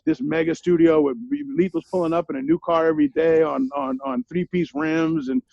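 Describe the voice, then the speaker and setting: A middle-aged man spins candid stories as a guest, swearing freely and leaning on street slang. His voice sits high for a man yet gravelly and dark. The recording is dry and a bit dull. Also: very animated, brisk, no room sound. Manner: streetwise slang, profane, asks "you feel me?". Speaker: interview guest, rapper. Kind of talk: candid storytelling.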